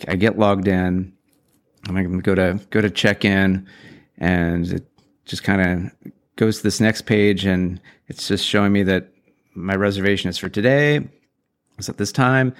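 A man casually telling a rambling, exasperated story about his weekend, with self-deprecating asides. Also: fairly low pitch. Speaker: vlogger telling a personal story.

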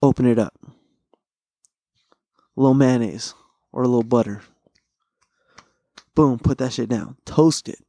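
A young man hosts a solo podcast, rambling through profane, slang-heavy food stories in a casual monologue. His medium-pitched, dark-toned voice moves slowly with long pauses, captured on a close studio mic with no room sound.

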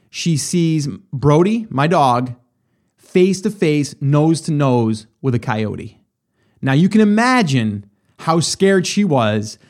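A middle-aged man hosts a show, spinning a personal story in a relaxed, conversational way before turning it into business advice. His voice sits a touch high for a man, and he talks straight to his listeners with plenty of fillers and asides. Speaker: podcast host. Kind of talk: casual storytelling and business motivation talk.

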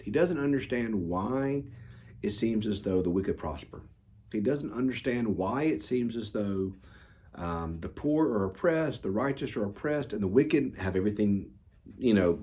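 A man with a husky, slightly rough voice gives a daily devotional reflection. He reads scripture aloud, then explains it in an earnest, unpolished way, sometimes stumbling and starting over. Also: lowish voice, warm tone. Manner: earnest, with frequent restarts and fillers.

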